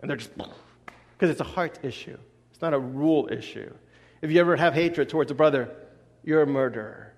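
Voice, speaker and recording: A man in his thirties preaching a sermon, telling stories with lively acted-out quotes. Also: on the high side, normal speed, big-room sound. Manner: animated storytelling, acts out quotes. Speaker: pastor.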